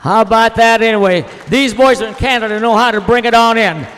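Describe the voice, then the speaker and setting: A man's voice: extremely high pitch, fairly quick, a bit bright. A man hosting a student auction, introducing bidders and items with hearty, folksy banter. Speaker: auction host. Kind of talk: folksy emcee patter. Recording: echoey hall.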